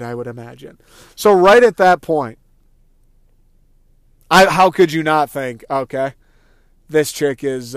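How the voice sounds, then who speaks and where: A young man talks through a movie in a loose, excitable ramble, swearing as he goes and jumping into little acted-out reactions. His voice sits a bit high and comes across smooth and clean. It sounds dry and close, with no room around it. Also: dry recording. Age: young adult. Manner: rambling, excitable, profane, acts out quoted thoughts. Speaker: podcast host. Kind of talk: casual movie review monologue.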